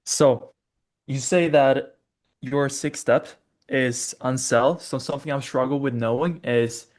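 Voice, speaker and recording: A man's voice: medium pitch, steady tone, slow pace. Male student on a coaching call, polite, earnest questioner. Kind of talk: asking a question on a group call.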